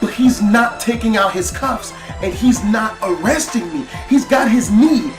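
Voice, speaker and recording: A woman's voice: fairly high pitch, measured pace. Woman vlogger, profane casual storyteller, faint music, echoey room. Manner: animated, profane. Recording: roomy echo, faint music.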